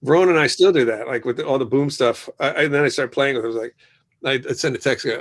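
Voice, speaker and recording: Middle-aged man telling lively band stories. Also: medium pitch, quick pace. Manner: lively storyteller who acts out quoted exchanges. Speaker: guest musician. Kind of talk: casual interview chat.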